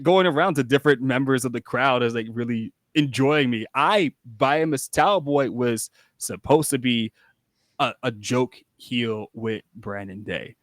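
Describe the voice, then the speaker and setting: A man's voice: mid-range voice, a little slow, no room sound, studio quality. A young man, a wrestler guest on a podcast, telling rambling, casual stories full of restarts and acted-out quotes. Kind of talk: casual storytelling.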